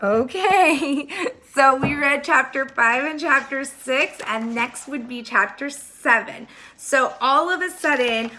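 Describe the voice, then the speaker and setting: A woman's voice: sits high, takes it slowly, pushed and bright, slight background noise. A woman teacher reading a chapter book aloud on camera for her students, then explaining the next steps in a friendly, encouraging way. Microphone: handheld camera.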